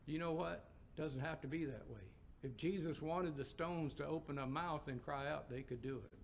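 A man's voice: a little high, moderate pace, creaky, a little hiss or hum. A man preaching a sermon in a folksy, conversational storytelling way, with emphatic rises.

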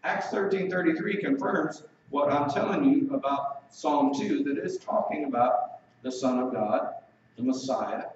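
A man's voice: a little high, expressive, a little mellow, slight background noise. Emphatic preacher man in an echoey room. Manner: emphatic preaching, slows down to read scripture. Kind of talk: sermon. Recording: echoey, distant, dull recording.

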